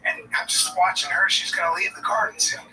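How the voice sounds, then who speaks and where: A man in his forties performing a sardonic stand-up comedy set, bursting into shouts at times. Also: high-pitched, big pitch swings, a little fast. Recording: distant mic with clear background noise.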